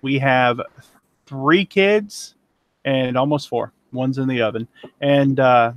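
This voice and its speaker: A man's voice: mid-range voice, slow pace, no room sound. A man in his forties from Missouri, an antiques dealer chatting casually and joking as a guest on a live auction stream. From Missouri, USA. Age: 40s. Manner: joking, laid-back.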